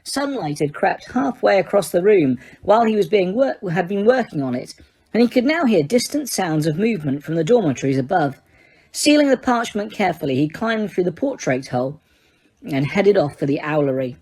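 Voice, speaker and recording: A woman narrates an audiobook in a low, husky voice with a breathy grain. Her pitch moves in lively rises and falls as she reads steadily along. Now and then she stops to correct a slipped word. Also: moderate pace. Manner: steady reading with occasional self-corrections.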